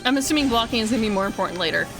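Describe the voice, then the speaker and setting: A woman's voice: a little high, lively intonation, very fast, over music, rough recording. A young woman streamer chatting casually through a first-time game playthrough, rambling and correcting herself as she talks. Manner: rambling and self-correcting, with frequent laughs and swearing.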